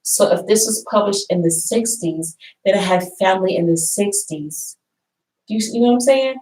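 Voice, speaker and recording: A woman's voice: medium pitch, normal speed, darkish tone, low-quality recording. A woman vlogging casually from a college library, rambling and repeating herself as she shows off books. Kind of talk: casual talk showing books.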